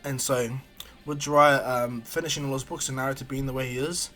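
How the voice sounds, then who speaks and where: A man's voice: medium pitch, fairly even intonation, a little fast, a bit bright, faint music behind. A man casually retelling a fan story as a streamer, rambling with ums and restarts. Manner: rambling, hesitant, many ums.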